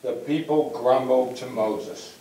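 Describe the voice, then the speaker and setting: A man reading a scripture passage aloud in a plain, steady way during a class. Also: medium pitch, slow. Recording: echoey room, voice far from mic.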